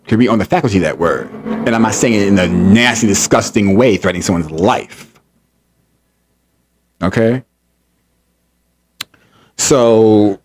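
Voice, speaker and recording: A man's voice: lowish voice, slightly rough. A man vlogging, heatedly retelling a personal incident, acting out what others said, with emphatic repetition and laughter. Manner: animated, acts out quotes, laughs, emphatic repetition. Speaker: channel host recounting an incident. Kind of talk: heated personal storytelling to camera.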